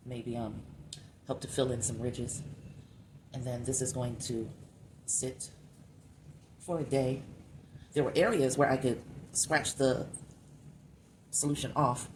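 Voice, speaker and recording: A woman's voice: a bass voice, background noise. A woman with a slight lisp, talking casually and thinking aloud as she works on a craft piece. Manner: relaxed, thinking aloud while working. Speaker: craft vlogger.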